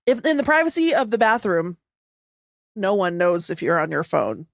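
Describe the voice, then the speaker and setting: A woman's voice: medium pitch, very animated, moderate pace, creaky, no echo, clean studio sound. A woman co-hosting a podcast in casual, playful, giggly chat. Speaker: co-host.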